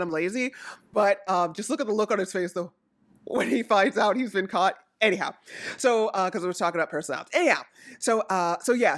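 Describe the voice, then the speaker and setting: A woman from Jamaica chatting casually about wrestling, rambling and excitable as she jumps from topic to topic. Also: medium pitch. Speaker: wrestling recap vlogger. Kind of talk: casual chat.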